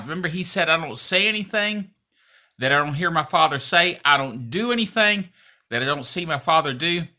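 Lively, bright-voiced male preacher. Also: high voice. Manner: lively, emphatic, with frequent fillers and restarts. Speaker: preacher and podcast host. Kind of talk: sermon teaching.

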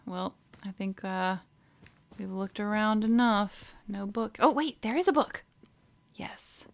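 A woman with an Australian accent hosts a let's play over game music, reacting emotionally with frequent exclamations and laughs while reading the on-screen text aloud. Her mid-range voice is unhurried with vocal fry.

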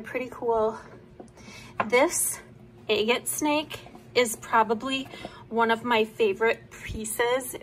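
Young woman vlogger, bright high voice, slow gushing delivery, faint room hiss. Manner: enthusiastic, gushing, drops to soft asides. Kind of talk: casual show-and-tell. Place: home room.

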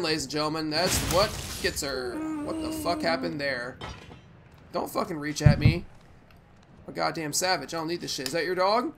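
A young man hosting a let's play, giving rambling, profane gameplay commentary with sudden loud outbursts. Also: on the high side, very animated, moderate pace, noisy background.

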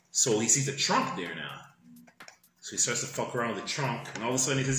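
A man's voice: medium pitch, brisk, a little hiss or hum. A man on a podcast casually retelling a film plot, swearing freely and acting out sound effects. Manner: animated, profane movie retelling with sound effects. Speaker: podcast co-host. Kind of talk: casual storytelling chat. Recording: echoey room.

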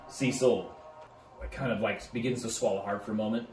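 A man narrating a tabletop game as game master, halting now and then and repeating words. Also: fairly low pitch, fairly even intonation, darkish tone. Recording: roomy, distant mic, faint music.

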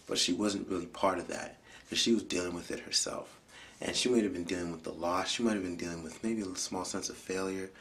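A man with a low, deep voice tells a personal story as a public speaker. He speaks earnestly and lets his voice fall to hushed, almost whispered lines for weight. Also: slight background noise. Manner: earnest, drops often to hushed near-whispers for emphasis.

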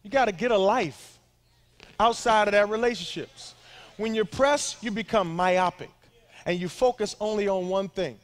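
Male pastor, middle-aged, high voice, chatty and funny sermon delivery with quick asides. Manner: conversational, humorous preaching with asides to the crowd.

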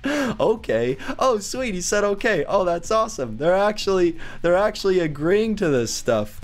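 Excitable young man with gaming commentary. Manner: reads chat in a slow, dopey voice; excitable, laughs often, jumps higher when panicked. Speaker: gaming video host. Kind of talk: gameplay commentary. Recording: faint background music.

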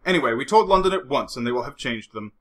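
A man's voice: medium pitch, lively intonation, fast, fairly bright tone, natural voice. A man reading aloud, voicing a jovial, scheming middle-aged French agent who talks in a chatty, teasing way. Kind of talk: audiobook reading.

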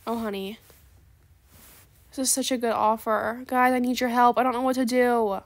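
Woman chatting over a trading game, kinda high voice, super dramatic and sarcastic, gasps then quiet asides. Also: level tone, normal speed. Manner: chatty, calls viewers "besties". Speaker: gaming video creator. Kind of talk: casual gameplay commentary.

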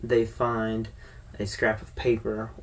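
A man's voice: on the low side, completely flat delivery, slow pace, far from the mic. A man giving a casual, rambling film review to his viewers, with fillers and restarts. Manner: conversational, loose with fillers and restarts.

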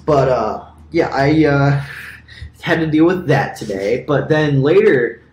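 A man's voice: medium pitch, animated, slow, noisy background. A young man co-hosting a casual podcast, telling a rambling story full of fillers and asides. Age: young adult. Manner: rambling, filler-heavy, laughs at own stories. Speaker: podcast co-host. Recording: echoey room.

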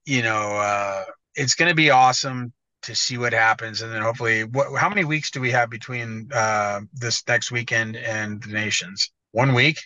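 A man's voice: mid-range voice, moderate pace, pushed and bright, no room sound. An American man talking as a guest in casual podcast chat, blunt and swearing freely, often stumbling over restarts. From United States. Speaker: guest motocross editor.

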